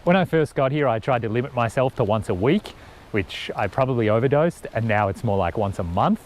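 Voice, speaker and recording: Chatting to camera at a campsite and by a windy picnic table, this travel vlogger keeps things casual and upbeat while eagerly explaining things. He speaks a little fast in a mid-range, slightly mellow voice with lively intonation.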